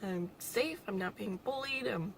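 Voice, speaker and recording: A young woman vlogging alone, talking in a halting, reflective way with nervous little laughs, emotional and close to tears. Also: medium pitch, creaky, slight background noise. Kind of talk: personal vlog monologue.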